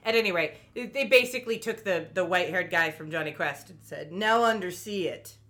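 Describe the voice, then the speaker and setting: A woman co-hosting a podcast in casual chat, sarcastic and quick to laugh, swearing freely. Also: fairly low pitch, expressive, fairly bright tone. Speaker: podcast co-host.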